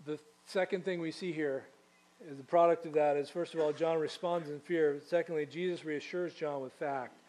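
With a slightly high, darkish, steady voice at a moderate pace, a male pastor gives his sermon. He keeps it conversational, asking the congregation things and dropping in informal asides.

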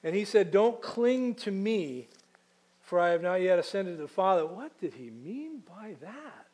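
Guy preaching a sermon, kinda higher voice, chatty, slows way down on the verses. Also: lively intonation, a little mellow. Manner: conversational preaching with restarts and rhetorical questions.

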